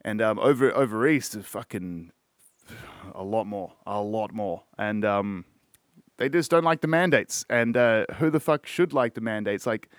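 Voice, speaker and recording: A man's voice: mid-range voice, normal speed, no echo, studio quality. Fired-up sweary Australian man. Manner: heavy swearing, fired-up, repeats words. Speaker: podcast host. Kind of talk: casual ranting chat.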